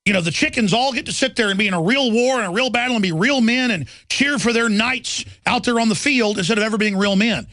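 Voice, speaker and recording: A man's voice: high-pitched, fast talker, hardly any pauses, sharp tone, no echo. A middle-aged man hosting a talk radio show, delivering an urgent, ranting monologue full of "uh" fillers. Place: radio studio.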